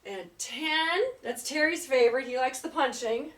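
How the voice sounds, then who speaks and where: A woman's voice: sits high, expressive, normal speed, hardly any pauses, fairly bright tone. A woman fitness trainer leading an exercise class, chatty and upbeat, counting reps aloud and getting out of breath. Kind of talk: live exercise class instruction. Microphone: camera at a distance. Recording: echoey room, voice far from mic.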